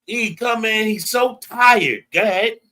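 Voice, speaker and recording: Leading a Bible class, an American man speaks unhurriedly in a high, bright, pushed voice. He delivers emphatic call-and-response teaching, cueing a reader and recasting the verses in everyday slang.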